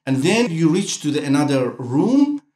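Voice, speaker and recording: A man from Iran, giving a documentary interview in halting English full of restarts. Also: on the high side, sing-song, dark tone, reverberant. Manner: halting non-native English with frequent restarts. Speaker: interviewee artist.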